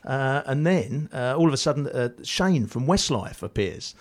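A man's voice: mid-range voice, animated, normal speed. Self-mocking man, laughing as he talks. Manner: self-deprecating storytelling with frequent laughs. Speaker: actor and guest. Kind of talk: casual radio chat.

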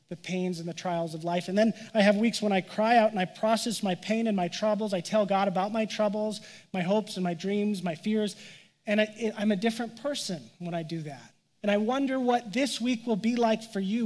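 A man's voice: high voice, in a large hall. A man pastor giving a sermon in a conversational, emphatic way.

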